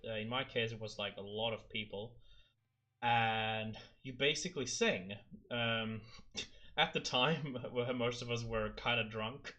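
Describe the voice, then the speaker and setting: A young man co-hosting a casual podcast, joking around and laughing between stories. His voice sits at an ordinary middle pitch. He is loose and playful in the talk. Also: measured pace, sharp tone. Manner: jokey, laughs often, breaks into silly sung impressions. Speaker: podcast co-host. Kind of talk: casual chat.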